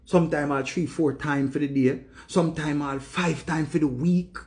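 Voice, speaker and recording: A man's voice: on the high side, fairly even intonation, moderate pace. A grieving man with a Jamaican accent, talking emphatically and repeating himself in patois. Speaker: vlogger. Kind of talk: emotional monologue to camera.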